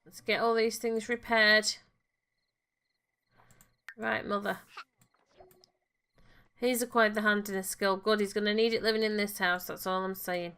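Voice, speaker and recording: A gaming channel host gives casual let's-play commentary on a life-sim game, gently cooing and fussing at the characters as she plays. Her mid-range voice is smooth, with a flat delivery, a slightly slow pace and frequent pauses.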